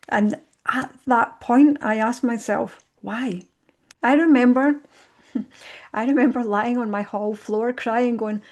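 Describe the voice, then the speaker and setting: Animated woman telling her own story. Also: medium pitch. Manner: animated, acts out her own past thoughts. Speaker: podcast guest. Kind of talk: reflective storytelling.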